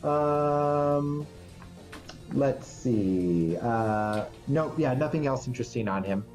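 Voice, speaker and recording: Halting male game master, faint music. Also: medium pitch, expressive, a little mellow. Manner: halting, full of ums and restarts. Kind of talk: narrating a tabletop game.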